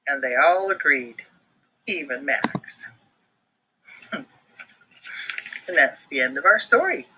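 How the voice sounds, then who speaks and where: A woman narrating a children's storybook in a lively, expressive read-aloud style and acting out the sound effects herself. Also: sits low, slow, background noise.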